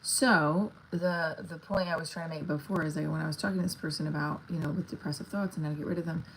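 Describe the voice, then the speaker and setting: A woman's voice: low voice, steady tone, fast talker, slight background noise, poor audio. A woman comedian chatting casually on a livestream, rambling with lots of fillers and talking to her viewers.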